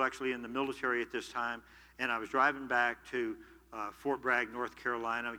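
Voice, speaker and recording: An older man preaching a sermon, moving between loud emphatic preaching and quiet personal storytelling. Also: mid-range voice. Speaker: pastor. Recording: long hall reverb.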